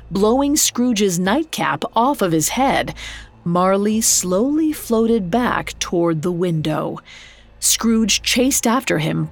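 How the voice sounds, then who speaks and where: A woman narrating a story from a script in a measured, dramatic way. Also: medium pitch.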